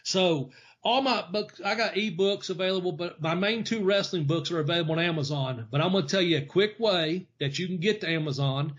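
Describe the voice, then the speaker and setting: A man's voice: sits high, a little fast, fairly bright tone. A man hosting a wrestling podcast, telling rambling stories with a laugh in his voice. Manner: rambling storyteller, laughs often. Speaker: podcast host, former wrestler. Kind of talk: casual podcast chat. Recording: dull lo-fi podcast audio.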